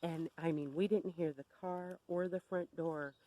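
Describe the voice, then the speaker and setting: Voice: mid-range voice, steady tone, measured pace, dark tone, low-quality recording. A storyteller recounting a personal story in a blunt, wry, candid way.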